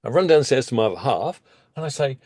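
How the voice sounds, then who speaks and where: A man, a guest telling a story in casual conversation, animated and often leaping suddenly up in pitch. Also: fast talker, dry recording. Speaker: interview guest.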